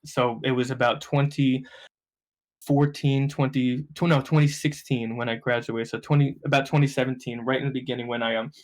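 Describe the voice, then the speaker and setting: A man's voice: mid-range voice, normal speed. A young man, a podcast guest telling stories casually, swearing freely and acting out the voices of people he quotes. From New Jersey. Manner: profane, animated, acts out quoted voices. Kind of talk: casual storytelling.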